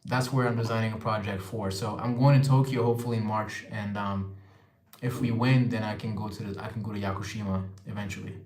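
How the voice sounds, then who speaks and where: A man's voice: on the low side, steady tone, a little fast, darkish tone. A young man hosting a casual livestream, reading viewer comments aloud and replying in a chatty way. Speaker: livestream host. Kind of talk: casual live-stream chat. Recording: echoey room.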